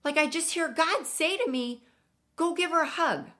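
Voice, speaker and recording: A woman's voice: very high voice, moderate pace, pushed and bright, pitched above the performer's own voice. A woman voicing an eager thirteen-year-old girl who gushes breathlessly while telling a story. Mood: excited. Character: excited teenage girl, 13, eager and earnest.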